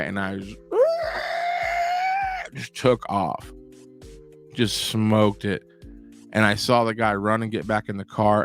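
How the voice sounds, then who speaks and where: A man hosting a casual show, telling a long story in an animated, profane, rambling way. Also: mid-range voice, gravelly.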